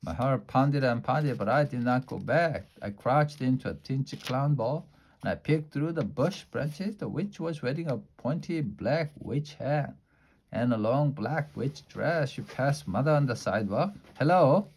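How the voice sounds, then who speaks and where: A man's voice: mid-range voice, measured pace, vocal fry, darkish tone, slightly rough. Man reading a children's book aloud. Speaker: storybook reader.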